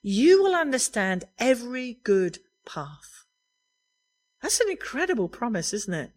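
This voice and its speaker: A woman's voice: a little high, sing-song, a little slow. Woman preaching an earnest sermon. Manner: earnest, conversational preaching with light laughs.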